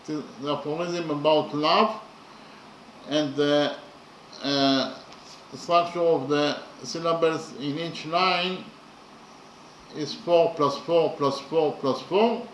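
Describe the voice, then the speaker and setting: A man talks through a poem in a careful, unhurried lecture, stopping often to count and restate each point. His voice sits a little high and moves very slowly. The sound rings in a reverberant room with a faint hum of ambience. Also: a bit bright. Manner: slow and methodical, with many pauses and fillers. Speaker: lecturer on poetry. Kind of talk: slow explanatory lecture.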